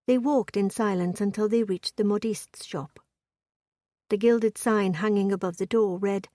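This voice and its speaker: A woman narrating a period romance audiobook in an even, measured storytelling voice. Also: mid-range voice, no room sound, clean studio sound.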